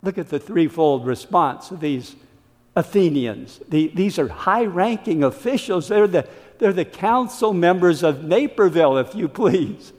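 Male pastor, emphatic sermon, fairly high voice, slow deliberate delivery, long church reverb. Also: lively intonation, darkish tone. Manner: dramatic, acts out quoted voices, emphatic.

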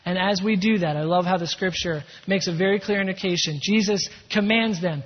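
Male pastor, high husky voice, emphatic sermon delivery, echoing church hall, dull sound. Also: fairly quick, hardly any pauses. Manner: emphatic preaching with shifts between energy and hushed calm. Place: church sanctuary.

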